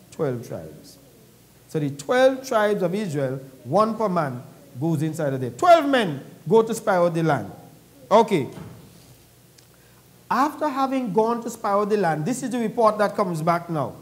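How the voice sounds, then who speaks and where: A man's voice: high-pitched, animated, measured pace. A man preaching a sermon in church, reading scripture aloud and explaining it in a conversational way, with questions to the congregation.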